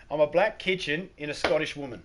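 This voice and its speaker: A man's voice: a little high, background noise. An Australian man streaming a game, chatting casually and joking with viewers while reading chat aloud.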